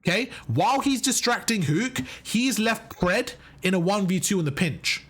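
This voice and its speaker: Male coach, slightly raspy, pitch a touch high, pushes points hard while walking through footage. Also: animated, moderate pace, fairly bright tone. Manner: emphatic, keeps checking in with "right?" and "okay?". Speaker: competitive gaming coach. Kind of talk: breaking down match footage.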